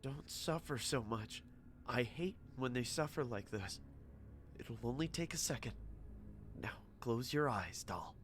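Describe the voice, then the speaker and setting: A man voicing a calm, psychotic male serial killer who speaks coldly and mockingly. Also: medium pitch, normal speed, slight background noise, voice pushed up, lightly acted. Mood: menacing.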